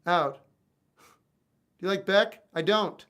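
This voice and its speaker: A man's voice: high-pitched, slow, a bit bright, clean tone. A man livestreaming as a musician, talking back to viewer comments with wry, exasperated asides. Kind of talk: casual livestream chat reading viewer comments. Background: acoustic guitar playing.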